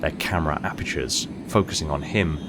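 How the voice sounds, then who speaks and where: A man narrating an audiobook short story in a steady, measured storytelling manner. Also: rumbling low, heavy background noise.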